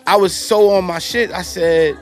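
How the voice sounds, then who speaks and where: Man, slightly high voice, animated and profane storyteller, faint music underneath. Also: normal speed. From New York. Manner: animated, profane, acts out quoted dialogue. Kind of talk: casual storytelling.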